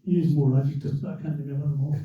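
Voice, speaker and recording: An older man, a former racer, telling a lively story to a club audience and acting out the voices of the people in it. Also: a little high, rapid-fire. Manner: animated, acts out quotes and a commentator's voice. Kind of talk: anecdotal storytelling. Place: club room. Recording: echoey hall from far off, dull lo-fi.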